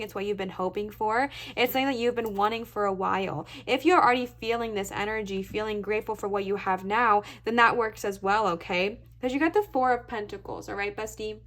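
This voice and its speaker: A young woman giving a casual pick-a-card tarot reading to camera, chatty and reassuring, often checking in with "okay, bestie?". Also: medium pitch. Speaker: tarot reader.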